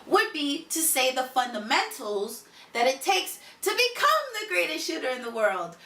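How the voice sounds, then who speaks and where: High, lively woman coaching in an echoey room. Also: normal speed, far from the mic. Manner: emphatic, repetitive coaching. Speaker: motivational speaker. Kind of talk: motivational address to one listener.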